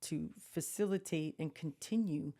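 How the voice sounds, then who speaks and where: A woman chatting on a studio podcast. She tells stories with animation and slips into quoted voices. Her voice sits a bit low and sounds mellow. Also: normal speed. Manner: animated storyteller, acts out quotes. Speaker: podcast co-host. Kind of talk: casual podcast chat.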